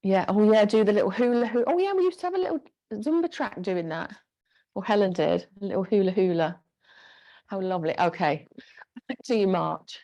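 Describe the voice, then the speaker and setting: A woman's voice: medium pitch, expressive, fairly quick, mellow. Chatty woman leading an exercise class. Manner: encouraging, chatty cueing of moves. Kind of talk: live online exercise class instruction. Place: home room with a squeaky floor. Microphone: clip-on mic pack.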